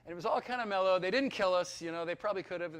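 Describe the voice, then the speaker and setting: A man in his fifties telling his personal testimony to an audience in a chatty, animated way, often checking in with his listeners. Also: sits high, very fast, smooth. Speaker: speaker giving a personal testimony. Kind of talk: lively storytelling testimony to an audience.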